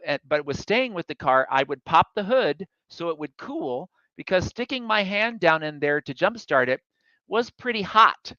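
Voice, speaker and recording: A man's voice: high voice, sharp tone, dry recording, dull audio. A man giving a public talk, telling a chatty, self-deprecating story from his travels. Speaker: guest speaker.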